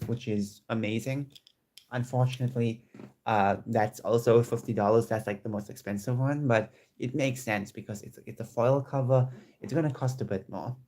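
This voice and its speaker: Casual home vlogger, male, mid pitch, eager and rambling, restarts his sentences a lot. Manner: chatty and excitable, with many restarts. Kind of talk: casual chat to camera. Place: home room with squeaky chairs.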